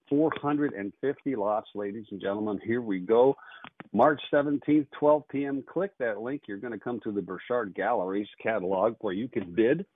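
A man hosting a call-in radio show with fast, upbeat auctioneer patter. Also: medium pitch, slightly rough. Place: radio studio. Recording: phone-like narrow band.

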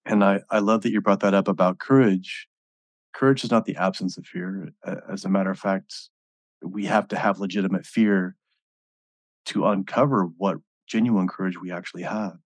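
A man hosting a podcast interview, speaking in a measured, reflective way. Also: low-pitched, fairly even intonation, no room sound. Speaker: podcast host. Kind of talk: interview talk.

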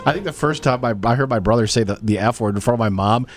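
A man's voice: medium pitch, fast talker, faint music behind. A man co-hosting a comedy podcast, telling crude stories and acting out quoted lines. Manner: animated, crude, acts out quotes. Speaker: podcast co-host. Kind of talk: casual comedic chat.

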